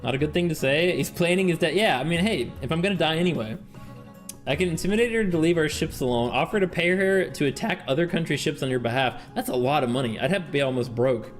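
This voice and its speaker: A man streaming a strategy game, excitable and laughing as he reads the game text aloud and reacts. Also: fairly high pitch, fast, faint music behind. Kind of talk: game-playing commentary.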